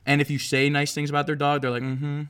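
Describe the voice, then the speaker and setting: A man's voice: fairly high pitch, completely flat delivery, fast talker, a bit bright, smooth. A man co-hosting a podcast, chatting casually in a jokey, sarcastic way and swearing freely. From East Coast US. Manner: jokey, sarcastic, puts on silly voices. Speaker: podcast co-host. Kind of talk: casual chat.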